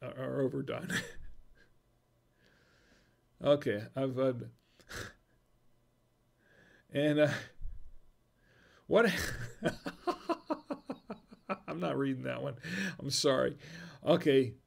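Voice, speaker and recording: A man's voice: medium pitch, fairly even intonation, slow pace, gravelly, long pauses. A man hosting a casual livestream, reading viewer jokes, chuckling at them and trailing off mid-sentence.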